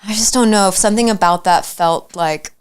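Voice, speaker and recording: On a talk show, a young actor from Arizona, USA, talks casually in a medium-pitched voice with a clean tone. She is halting, peppering the interview with fillers and restarts.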